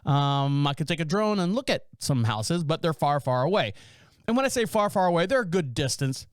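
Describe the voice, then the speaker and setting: A man's voice: a little high, big pitch swings, a little fast, clear, resonant tone, dry recording. A man from North Carolina hosting a casual solo podcast from his home studio, rambling and restarting as he acts out his neighbors' lines in his stories. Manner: rambling, self-interrupting storyteller who acts out neighbors' lines. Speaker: podcast host.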